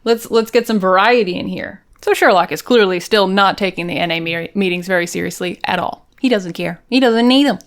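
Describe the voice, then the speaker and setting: A woman's voice: medium pitch, brisk, hardly any pauses. Female podcast co-host, casual recap chat, playful, breaks into quoted voices.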